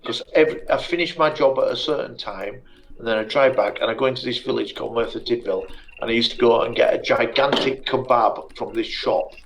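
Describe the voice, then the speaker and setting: A man's voice: medium pitch, fairly quick, a bit bright, a little hiss or hum, low-quality recording. A man with a Yorkshire accent chatting on a group call, telling blunt, sweary stories. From Yorkshire, England. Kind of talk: casual chat. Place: home, online group call.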